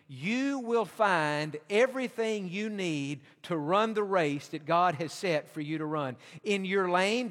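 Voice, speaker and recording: A man preaching a sermon as pastor, reading scripture slowly and explaining it with emphatic repetition. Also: high voice, a bit bright, in a large hall.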